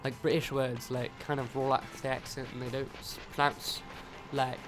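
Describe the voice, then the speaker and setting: A man's voice: medium pitch, level tone, normal speed, a bit bright, soft background music. A young American man with an American accent, rambling through casual let's-play commentary, stumbling over words and swearing. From United States. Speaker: gaming YouTuber.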